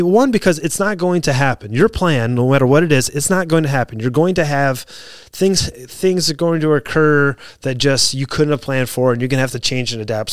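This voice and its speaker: A man's voice: a little high, dry recording, studio quality. A man, a fire officer, giving an earnest motivational talk built on stories from training new firefighters, often restarting his sentences. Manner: earnest, repeats and restarts, gets heated retelling.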